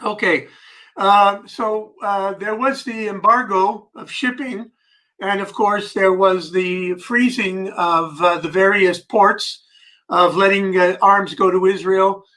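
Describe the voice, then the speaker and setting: A man's voice: high voice, steady tone, slow pace, bright, forceful tone. A man hosting an interview, asking long questions with many hesitations. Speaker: interviewer, host.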